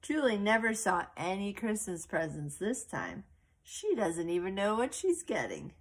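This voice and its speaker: A woman voicing a playful father who speaks loudly and gleefully. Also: mid-range voice, sing-song, a little slow, slightly rough, heavily acted. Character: playful father, teasing and possessive.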